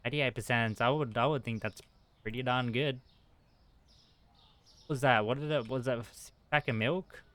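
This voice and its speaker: A young man streaming a shop game, talking fast and frazzled to his customers and himself. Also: mid-range voice, fairly bright tone. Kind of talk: live-streamed gameplay commentary.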